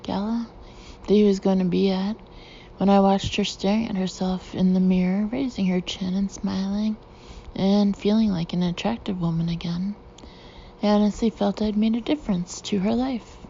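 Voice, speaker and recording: Woman, first-person audiobook narration, expressive with breathy asides, mellow tone, dull lo-fi sound. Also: mid-range voice, moderate pace, a little hiss or hum.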